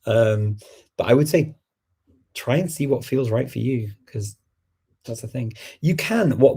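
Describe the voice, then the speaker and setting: Low gravelly man, chatty. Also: warm tone. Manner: chatty, frequent ums and chuckles. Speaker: language learning host. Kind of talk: live stream answering viewer questions.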